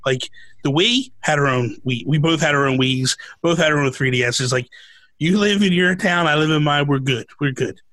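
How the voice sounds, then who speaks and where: A man's voice: a little high, moderate pace, a bit bright, dry recording. A man co-hosting a casual chat, emphatic and jokey with exaggerated outrage. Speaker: podcast co-host.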